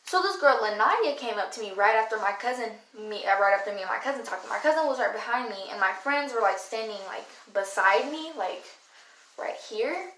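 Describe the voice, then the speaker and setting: A young woman with a slightly high voice tells a story in a blunt, slangy, profane way. The room around her is noticeably echoey. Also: expressive, brisk, fairly bright tone. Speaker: vlogger. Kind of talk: casual storytelling.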